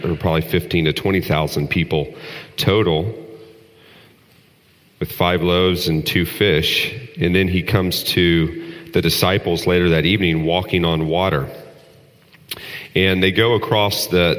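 A man's voice: deep voice, fairly bright tone, big-room sound. A man preaching a sermon in an earnest style that builds to emphatic peaks. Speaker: pastor.

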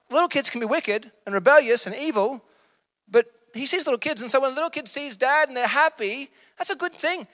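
A man's voice: high-pitched, fairly bright tone, big-room sound. A man preaching a sermon in an earnest, emphatic, conversational way.

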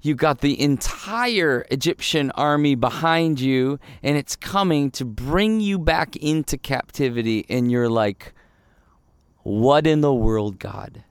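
A man's voice: fairly high pitch, lively intonation, a little slow, few pauses, clear, resonant tone, dry recording. A man preaching a conversational sermon, telling the story with animation and putting rhetorical questions to his listeners.

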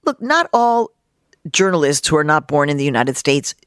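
A woman in her fifties from Mexico, a journalist, telling a personal story in an interview with an animated, expressive delivery. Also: sits low, normal speed, clear, resonant tone, dry recording, clean studio sound. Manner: animated, expressive, acts out quotes. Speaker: journalist and guest.

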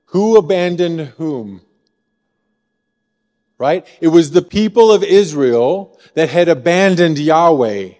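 Male pastor from Missouri, slightly high mellow voice, chatty sermon delivery, long church reverb. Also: animated, slow pace. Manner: conversational, frequent rhetorical "right?". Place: church sanctuary.

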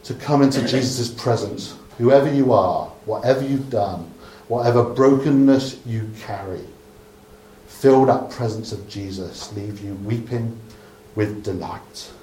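A man's voice: mid-range voice, unhurried, slight background noise. A man from Dorset, preaching a sermon by retelling a story in a chatty way with humorous asides. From Dorset, England. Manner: conversational storytelling, humorous asides, softening to a hush at the close. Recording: echoey room.

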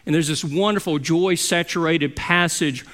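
Middle-aged male pastor, expressive sermon delivery, slightly high voice. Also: normal speed. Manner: expressive, with swings between loud emphasis and soft near-whispered quotes.

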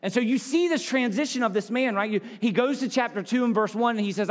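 Male pastor, high voice, casual sermon delivery with asides, reverberant church hall. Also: fast talker, hardly any pauses. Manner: conversational preaching with asides.

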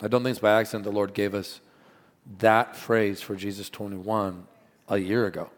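A man preaching a sermon as pastor, earnest and animated, mixing stories and asides with scripture. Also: fairly low pitch, moderate pace. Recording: long hall reverb.

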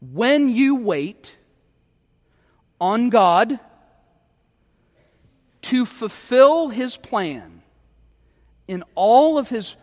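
Emphatic high-voiced male pastor preaching. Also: big pitch swings, very slow, long pauses, a little mellow, in a large hall. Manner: emphatic, repeats words when starting a phrase. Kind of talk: sermon.

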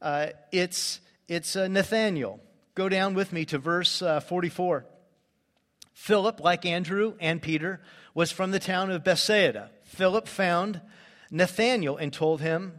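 Male pastor, sermon delivery, fairly high-pitched, earnest and direct, long hall reverb. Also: measured pace, fairly bright tone. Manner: earnest, direct address with rhetorical questions.

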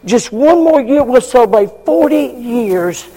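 High-pitched fiery older preacher. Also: male voice, lively intonation, measured pace, husky. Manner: fiery, shouting, acts out congregants. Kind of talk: sermon.

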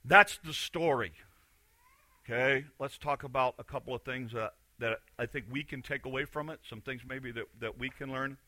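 A man's voice: mid-range voice, moderate pace, sharp tone, no room sound. A man preaching a sermon in a conversational, emphatic way, repeating key phrases. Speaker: pastor.

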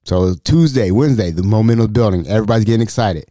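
A man's voice: lowish voice, fast talker, soft background music. A man in his thirties hosting a podcast, telling a story in casual chat and acting out each quote in voices. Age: 30s. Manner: animated, acts out every quote in voices. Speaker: podcast host.

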